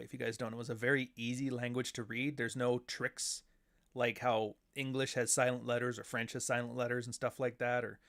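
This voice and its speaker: A man hosts a casual podcast and rants about whatever is on his mind. He is sarcastic and profane, and he talks at an everyday middle pitch. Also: a bit bright. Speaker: podcast host. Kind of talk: casual livestream rant.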